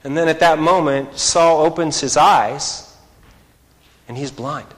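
Preacher with hall reverb. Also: male voice, a little high, slow. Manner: animated storytelling, acts out quoted voices. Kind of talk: sermon.

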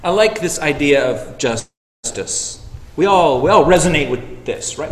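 A man's voice: fairly high pitch, lively intonation, measured pace. Man preaching in an echoey hall. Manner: dynamic preaching, swinging from loud emphatic peaks to hushed tones. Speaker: pastor. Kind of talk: sermon. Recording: echoey hall with long reverb.

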